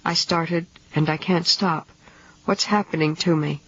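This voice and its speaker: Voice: medium pitch, steady tone, unhurried, fairly bright tone, breathy edge. Reader voicing a broken, frightened husband. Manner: small, childish and broken. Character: shaken, broken-down husband, adult man. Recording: dull lo-fi 1970s audiobook tape.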